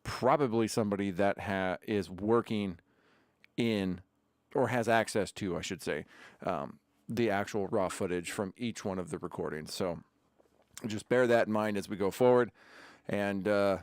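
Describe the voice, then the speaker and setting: A man's voice: fairly low pitch, unhurried, no echo. A man hosting a casual livestream from his home studio, chatting in a rambling way with sarcastic asides between sips of beer. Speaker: livestream host. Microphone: desk camera setup.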